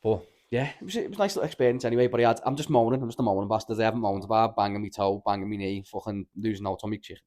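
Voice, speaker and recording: Fast-talking Scouse man, low voice. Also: a little mellow. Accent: Liverpool (Scouse). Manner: rambling, sweary, says "lad" constantly. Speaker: podcast host. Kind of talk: casual chat, storytelling.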